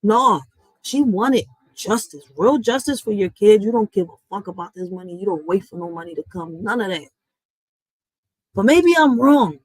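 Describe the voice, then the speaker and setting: This woman's mid-range voice has a breathy edge and moves at a moderate pace, captured with no room sound but poor audio quality. She's a reaction streamer ranting bluntly and heatedly at her live chat, swearing, with abrupt loud and quiet swings. She addresses viewers directly, frequently saying "listen" and "y'all".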